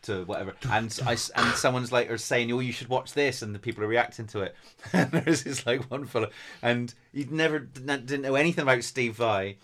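A man's voice: medium pitch, fairly quick, a bit bright, a little hiss or hum. A man, a voice actor, telling rambling anecdotes in a casual chat and laughing often. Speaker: podcast co-host, voice actor.

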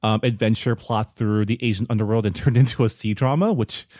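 A man's voice: on the low side, steady tone, brisk, a little mellow, no room sound, clean studio sound. A man co-hosting a casual entertainment chat, easygoing and laid-back. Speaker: podcast co-host.

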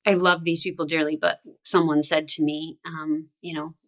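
A woman with a fairly low voice speaks earnestly on a podcast. She often pauses on "um" as she shares a personal memory. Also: little pitch movement. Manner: earnest, personal, hesitant with ums. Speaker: ministry staffer on a podcast. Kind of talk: casual conversation.

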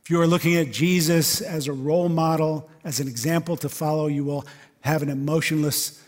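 A man's voice: a little high, fairly even intonation, brisk, big-room sound. A man preaching a sermon in a church service. He preaches in an emphatic, conversational way and keeps asking rhetorical questions. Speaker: pastor.

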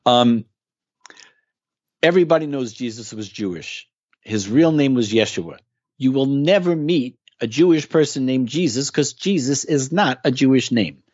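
A man's voice: mid-range voice, lively intonation, unhurried, darkish tone, dry recording, dull audio. A man talking as a guest in a casual interview, explaining with earnest emphasis. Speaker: guest musician.

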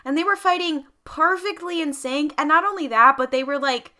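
A woman co-hosting a casual podcast chat, animated and rambling with bursts of laughter. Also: sits high, moderate pace. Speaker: podcast co-host.

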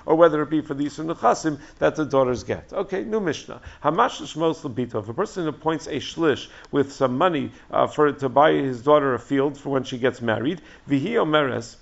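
A man teaching a Talmud lesson, telling the story with animated acted-out dialogue and frequent fillers. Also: mid-range voice, vocal fry. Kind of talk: Talmud lecture. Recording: dull lo-fi recording.

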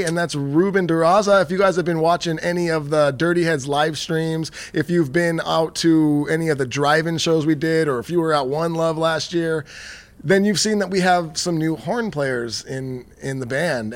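A man hosting a podcast, telling rambling, laid-back stories in casual chat. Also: on the high side. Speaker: podcast host.

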